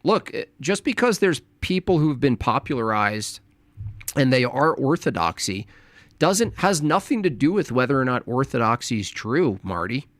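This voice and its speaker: A man's voice: medium pitch, fairly bright tone, dry recording. A man in his forties giving combative, mocking live-stream commentary as a streamer. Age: 40s. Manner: mocking, taunting, argumentative. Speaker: streamer reacting to clips.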